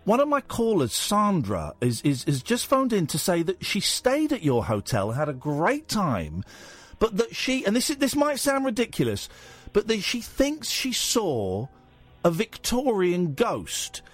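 A man hosting a radio phone-in show, talking in an excitable, jokey, animated way into a studio microphone. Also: high-pitched, measured pace. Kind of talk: casual talk radio chat.

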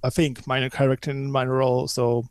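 A man's voice: medium pitch, flat delivery, fast talker, clean tone, no room sound. Emphatic, opinionated male podcast guest. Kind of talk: casual podcast chat.

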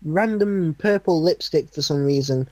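A young man in casual chat, telling a story haltingly and laughing often. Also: fairly high pitch.

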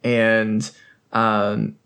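A man's voice: fairly low pitch, monotone, extremely slow, gravelly, fairly bright tone, clear, resonant tone. A man on a podcast thinking aloud, hesitant and thoughtful with many fillers. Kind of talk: casual chat.

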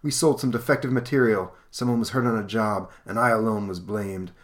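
A man's voice: lowish voice, fairly even intonation, a little fast, close to an everyday voice. A man voicing a wronged, bitter escaped convict in a comic he reads aloud. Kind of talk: comic read aloud on a podcast.

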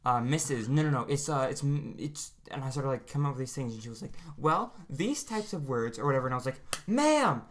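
A man's voice: medium pitch, fast talker, hardly any pauses, a bit bright, a little hiss or hum. A man co-hosting a casual podcast, telling rambling stories full of fillers and restarts. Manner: rambling, filler-heavy storytelling. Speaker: podcast co-host. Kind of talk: casual chat.

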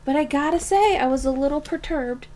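A woman's voice: high voice, brisk, darkish tone, slight background noise. A woman co-hosting a casual movie review chat, blunt and teasing with a sarcastic edge. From Philadelphia. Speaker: podcast co-host.

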